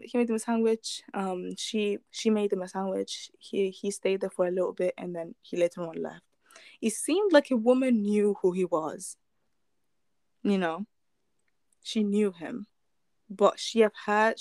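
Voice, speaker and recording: A woman's voice: mid-range voice, darkish tone, no echo. A woman casually retelling a true crime story, rambling with fillers, restarts and chuckling asides.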